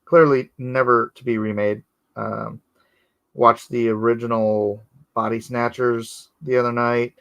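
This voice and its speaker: A man, a comic artist, chatting casually on a live stream while he inks, rambling and growing animated as he laughs through a story. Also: mid-range voice, a little slow, gravelly, dull audio.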